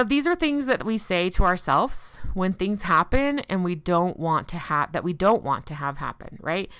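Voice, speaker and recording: A woman talks in an earnest, measured way, working through her thoughts with rhetorical questions and now and then quoting a common saying with sarcasm. Her voice is smooth and resonant and sits a little low. The recording is dry and close. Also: fairly bright tone, no room sound. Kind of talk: reflective personal monologue.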